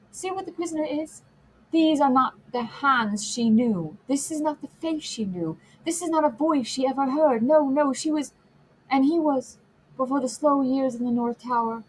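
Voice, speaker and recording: A frail, dazed old prisoner with broken, halting speech, read by a woman. The voice is fairly high and breathy, with a wondering, grieving tone in a storybook reading. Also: low-quality recording. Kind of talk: audiobook character reading.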